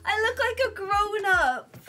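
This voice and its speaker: A young woman hosting a casual vlog, excitable and gasping with delight as she chats. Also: extremely high pitch, a little slow, soft background music. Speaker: vlog host. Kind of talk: casual chat.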